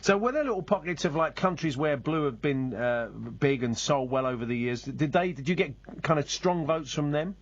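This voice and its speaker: A man's voice: on the high side, animated, moderate pace, hardly any pauses, highs cut off. A male radio host interviewing a guest, joking and bantering about football.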